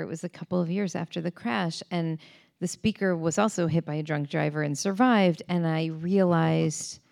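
Woman host, low gravelly voice, thoughtful conversational delivery. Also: darkish tone. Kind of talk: conversational interview.

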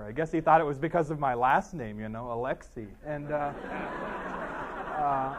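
A man's voice: on the high side, normal speed. A man telling a funny story at a talk, with a wry, dry comic delivery, often saying "you know" and restarting his sentences. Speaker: author giving a talk.

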